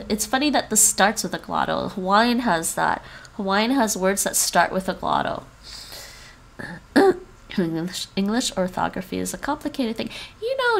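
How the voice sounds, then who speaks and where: A woman's voice: medium pitch, vocal fry. A woman chatting casually on a language-learning livestream, sniffly from the cold, repeating words after an app and laughing often. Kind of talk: casual livestream chat while practicing pronunciation.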